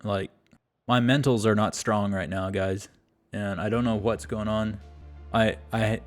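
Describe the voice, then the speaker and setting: A man's voice: on the low side, fairly even intonation, measured pace, soft background music. A man giving exasperated, self-deprecating play-by-play commentary while playing a golf video game. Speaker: gaming YouTuber.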